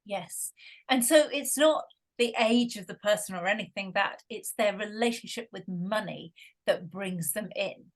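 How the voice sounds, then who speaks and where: A woman's voice: medium pitch, measured pace. A middle-aged woman with a Scottish accent, a guest chatting casually and telling stories, often laughing as she talks. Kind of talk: casual conversation.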